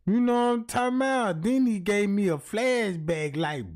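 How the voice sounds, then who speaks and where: A man's voice: sits high, moderate pace, hardly any pauses. A man hosting a comedic livestream, talking to his chat in a swearing, slangy rant. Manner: animated, swearing, slangy, keeps asking the chat. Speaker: livestream host.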